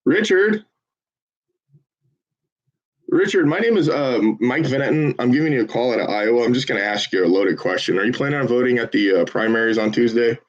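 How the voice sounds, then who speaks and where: Man, campaign phone-bank volunteer; rambling, profane chat with a salesman's calling voice; mid pitch, dull lo-fi sound. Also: quick pace, hardly any pauses. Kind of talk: casual livestream chat with live phone calls.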